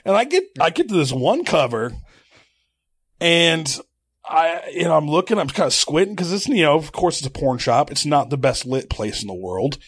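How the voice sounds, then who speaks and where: Rambling, animated male podcast storyteller. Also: on the high side, moderate pace, breathy edge, no room sound, clean studio sound. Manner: rambling, animated, frequent restarts and laughter. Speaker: podcast co-host. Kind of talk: crude comedic storytelling.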